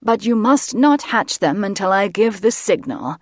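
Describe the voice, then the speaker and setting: A woman's voice: medium pitch, very animated, moderate pace, dry recording, clean studio sound, lightly acted. A woman narrator voicing a gloating, villainous male mage who croons over his monster eggs with menace. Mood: crooning. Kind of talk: audiobook character voice.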